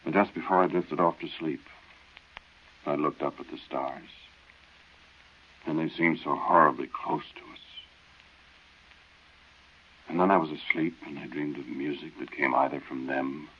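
Storyteller, extremely deep voice, husky edge, slow earnest narration, 1940s radio drama, lo-fi recording. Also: male voice, fairly even intonation, heavily acted. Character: man recalling a spooky night in the desert. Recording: lo-fi old radio broadcast.

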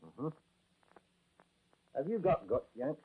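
An actor doing a Yorkshire accent as a gruff, friendly army corporal in a 1940s radio drama, folksy and ominous. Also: male voice, medium pitch, very animated, slow, full character voice. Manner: folksy, ominous storytelling with "aye" and "lad". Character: gruff, friendly Yorkshire lance corporal, older drill master. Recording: tinny old radio broadcast recording.

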